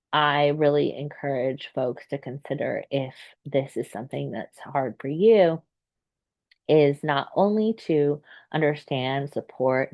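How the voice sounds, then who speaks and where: A woman with a low, gravelly voice talks gently and unhurriedly, pausing often on fillers as she thinks. The sound is close and dry, a little dull and lo-fi. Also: no echo. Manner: gentle, meandering, many fillers. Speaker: therapist. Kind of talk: reflective solo talk.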